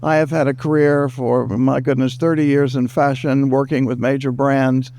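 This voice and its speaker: Gravelly, animated American-born male moderator. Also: mid-range voice. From United States. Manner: animated, jokey, fast-talking. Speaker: panel moderator. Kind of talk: lively panel talk. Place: screening event room. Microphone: handheld microphone.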